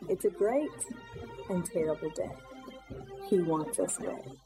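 A woman's voice: on the low side, expressive, measured pace, vocal fry, low-quality recording. A woman narrating a scripted religious message, earnest and urging listeners to repent. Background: music.

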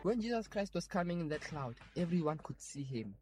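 A man's voice: on the high side, big pitch swings, fairly quick, darkish tone. A man earnestly recounting a vision, repeating his points for emphasis. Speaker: testimony speaker. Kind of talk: personal testimony. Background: music.

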